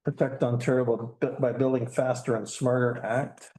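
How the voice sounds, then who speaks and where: A man's voice: medium pitch, flat delivery, moderate pace, dark tone. A man chairing a township council meeting, reading through agenda items in a casual, plainspoken way with dry asides. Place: council chamber.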